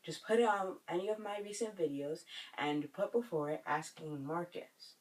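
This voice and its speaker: A man hosting a language lesson video. He says each phrase slowly and repeats it syllable by syllable so viewers can copy it. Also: a little high, recorded from a distance, low-quality recording.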